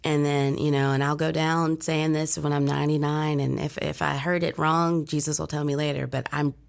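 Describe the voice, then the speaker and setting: Deep, gravelly-voiced woman guest; vivid personal storyteller who replays her own thoughts aloud. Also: little pitch movement, moderate pace. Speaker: podcast guest.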